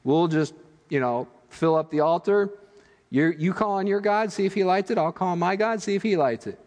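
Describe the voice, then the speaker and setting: Elijah, a preacher putting on a brash, mocking prophet. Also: male voice, high voice, moderate pace, a little mellow, long reverb tail, voice pushed up, lightly acted. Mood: challenging. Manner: mocking, gleeful, exclaiming. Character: brash taunting male prophet, boastful.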